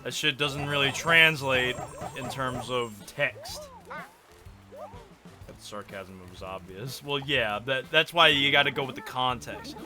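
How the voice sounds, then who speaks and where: A man's voice: medium pitch, a little slow, music in the background. A man streaming a game, chatting casually with sarcastic, joking asides. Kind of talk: casual let's-play commentary.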